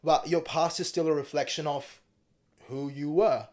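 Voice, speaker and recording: A young man, speaking in a voice pitched a touch higher than most men. He is a podcast guest in a casual studio chat, blunt and opinionated, with plenty of swearing. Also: steady tone, normal speed, a little mellow. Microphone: studio mic.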